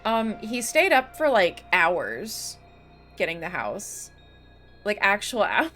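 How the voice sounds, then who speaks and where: A woman's voice: medium pitch, huge pitch swings, slow pace, a bit bright. A chatty young woman live-streaming a game, talking casually to her viewers. She swears freely and fills her talk with fillers and laughs. Faint game music runs underneath.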